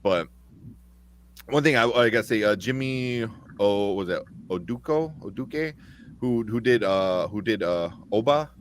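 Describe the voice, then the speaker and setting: A man's voice: on the low side, measured pace, slight background noise. A man co-hosting a live movie review show, talking casually with lots of swearing and acting out scenes he enjoyed. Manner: animated, swearing, acts out scenes.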